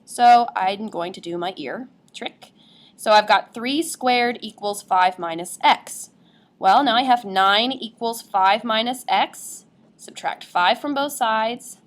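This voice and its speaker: A woman's voice: on the high side, slow. A woman math teacher working through a problem in a casual, folksy way. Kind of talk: classroom lesson.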